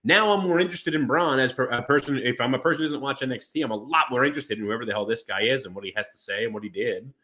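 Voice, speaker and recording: This podcast co-host is a man who talks fast and sharply with few pauses, rambling through a casual wrestling show. He acts out quotes in put-on voices, making big jumps in pitch.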